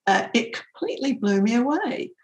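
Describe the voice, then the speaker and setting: A woman's voice: a little high, sing-song, normal speed, poor audio. A woman interviewer giving an enthusiastic, prepared introduction of a guest author. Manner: enthusiastic, warmly admiring.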